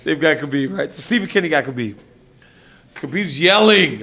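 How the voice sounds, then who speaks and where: A man at a press scrum, telling stories candidly, animated and laughing often, acting out what others said. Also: a little high, brisk. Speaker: fighter at media scrum. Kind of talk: candid storytelling to reporters.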